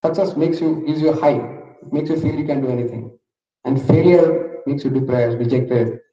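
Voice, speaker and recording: Speaking at normal speed in a fairly high yet dark voice, a man with an Indian English accent gives a motivational talk, weaving a story and questioning his audience. The recording is distant, dull, and echoey, made in a large hall.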